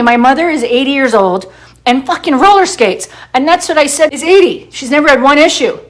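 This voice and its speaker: A woman's voice: sits high, expressive, fairly quick. A middle-aged woman who works as a hairdresser, giving a blunt, heavily profane monologue and stressing points by repeating them. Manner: blunt and heavily profane, quoting herself in dialogue; emphatic, repeats herself for stress. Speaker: hairdresser and wellness advocate. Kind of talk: impassioned personal monologue to camera.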